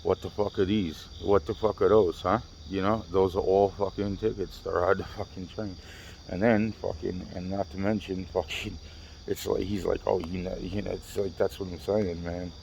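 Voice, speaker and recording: A man's voice: low-pitched, little pitch movement, normal speed, creaky, darkish tone, highs cut off, slight background noise. A man telling rambling, profane stories to his camera in a casual vlog, repeating himself and restarting often. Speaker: vlogger.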